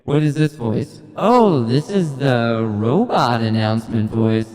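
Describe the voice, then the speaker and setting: A man's voice: mid-range voice, slow, a little mellow, big-room sound. A man using a robot announcer voice. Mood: mock-solemn. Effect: robot voice changer.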